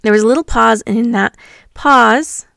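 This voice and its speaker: Teacher lady telling a story, earnest and thoughtful, bit of vocal fry, close dry mic. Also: fairly high pitch, a bit bright, dry recording. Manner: reflective, earnest, with pauses and fillers. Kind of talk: personal storytelling.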